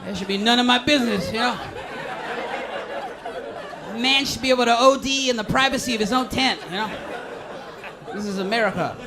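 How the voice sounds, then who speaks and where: A young man doing a rambling stand-up set in a comedy club, deadpan and crude, high on edibles. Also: a little fast, long pauses, crowd noise, background noise.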